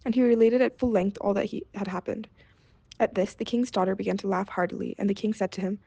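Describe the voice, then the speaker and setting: A woman storyteller reading a fairy tale aloud in a steady, measured way. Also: mid-range voice, creaky, breathy edge, no echo.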